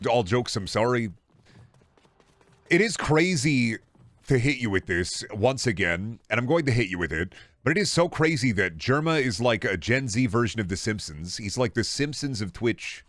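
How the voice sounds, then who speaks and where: A man's voice: lowish voice, animated, brisk, fairly bright tone, dry recording. A young male streamer riffing on his chat in a crude, sarcastic, casual way.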